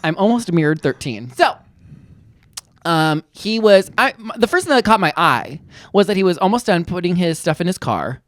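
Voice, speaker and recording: Brief: young adult woman, podcast co-host, lively playful storyteller, lowish voice with a wide pitch swing, dry sound. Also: moderate pace, no echo. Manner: animated, playful storytelling with acted-out quotes. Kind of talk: casual chat.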